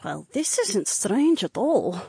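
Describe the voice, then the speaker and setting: A man's voice: extremely high pitch, normal speed, no echo, pitched above the performer's own voice. A man reading an audiobook, voicing a wary, sarcastic young woman. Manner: dry, sardonic. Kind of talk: audiobook character voice.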